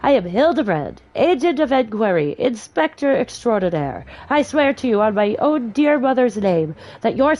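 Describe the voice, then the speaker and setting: A woman voicing a pompous, theatrical gentleman detective as she reads game dialogue aloud, with grandiose, flowery speech. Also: on the high side, big pitch swings, normal speed, few pauses, rough recording. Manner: grandiose, flowery, self-important.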